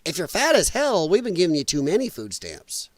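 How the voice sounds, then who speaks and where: A man's voice: fairly high pitch, wildly swooping pitch, a little fast, background noise. A man hosting a live stream, reacting to clips with sarcastic, mocking commentary and frequent laughter. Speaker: live-stream podcast host.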